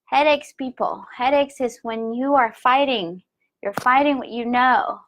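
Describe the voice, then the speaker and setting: Candid, expressive woman teacher. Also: unhurried, slight background noise. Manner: candid, expressive, jumps pitch when quoting herself; reads viewer comments aloud. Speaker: spiritual teacher. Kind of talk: live-streamed talk on intuition.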